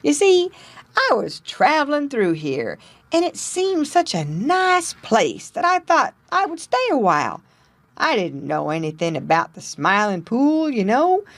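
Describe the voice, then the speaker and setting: A woman voicing a friendly, easygoing male beaver in a storybook, speaking in a relaxed, kindly way. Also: fairly high pitch, measured pace, no echo, voice pushed up, full character voice.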